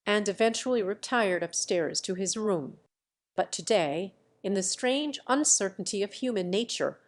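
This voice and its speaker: A woman narrating a classic novel in a measured, deliberate reading. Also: medium pitch. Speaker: audiobook narrator.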